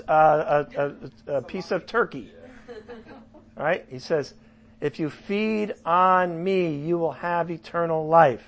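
A man's voice: a little high, takes it slowly. A man preaching a casual sermon, asking his listeners questions and joking as he teaches. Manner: animated, asks the audience questions, jokes. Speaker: pastor. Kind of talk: sermon Bible study.

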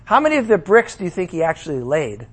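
A middle-aged man preaching a sermon in an animated way, acting out the voices of the figures he quotes. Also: high-pitched, fast talker, breathy edge.

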